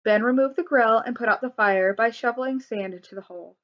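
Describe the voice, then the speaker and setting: A woman reading a children's story aloud in a clear, expressive way. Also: on the high side, fairly quick. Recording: dull lo-fi recording.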